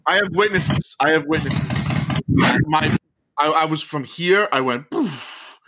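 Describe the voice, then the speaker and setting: A man's voice: fairly high pitch, takes it slowly. A middle-aged man co-hosting a podcast, telling a story with lots of swearing and acting out the text messages he got. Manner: profane, energetic, acts out text messages. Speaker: podcast co-host. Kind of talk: animated storytelling.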